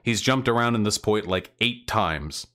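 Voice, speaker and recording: A man's voice: lowish voice, animated, normal speed, bright, forceful tone. A man hosting a reaction commentary video, rebutting clips in a sarcastic, mocking way.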